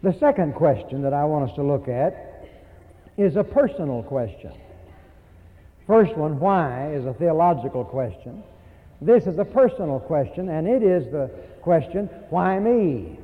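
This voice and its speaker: Emphatic preacher in a tinny, echoing hall. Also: male voice, fairly high pitch, expressive. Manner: emphatic, slows down to stress words, asks rhetorical questions. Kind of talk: sermon. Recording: tinny lo-fi recording with long hall reverb.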